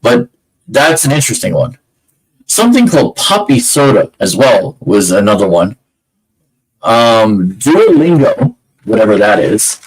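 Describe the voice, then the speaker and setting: A man's voice: lowish voice, big pitch swings, a little slow, slightly rough, low-quality recording. A man hosting a podcast, giving a casual, rambling rundown with frequent restarts and fillers. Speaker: podcast host. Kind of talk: casual solo commentary.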